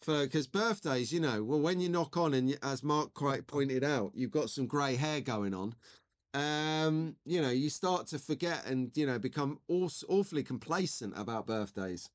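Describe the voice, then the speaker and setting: A man's voice: mid-range voice, expressive, normal speed. A man in his forties hosting a live stream, chatting in a rambling way and reading out viewer messages. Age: 40s. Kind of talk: casual live-stream chat.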